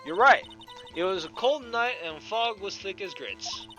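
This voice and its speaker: Guy putting on a jittery witness lady, fake southern drawl, pitched way up and bouncy. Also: big pitch swings, measured pace, sharp tone, soft background music, full character voice. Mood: defensive. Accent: attempted Southern US drawl. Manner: stammering, defensive. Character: flustered female witness with a put-on twang.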